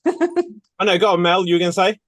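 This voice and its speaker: A man's voice: high voice, very animated, brisk, a bit bright. A man hosting an online improv game with dry, teasing remarks, over a video call. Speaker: improv host.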